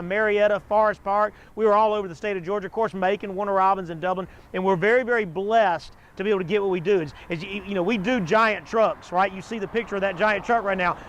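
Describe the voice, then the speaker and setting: Middle-aged male store host, high voice, folksy and earnest, fumbles scripted reads. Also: fairly bright tone, a little hiss or hum. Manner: chatty, earnest, stumbles over scripted ad lines. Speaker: store spokesman hosting a showcase show. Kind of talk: casual folksy pitch to viewers.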